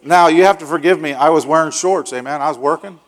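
A middle-aged male pastor telling a long story in a sermon, acting out the voices and shouting the dramatic parts. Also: on the high side, quick pace, background noise. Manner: animated, acts out voices with loud shouts.

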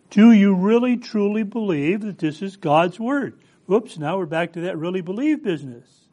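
A man's voice: high-pitched, a little mellow. A man preaching a sermon, earnest and questioning, who repeats phrases for emphasis.

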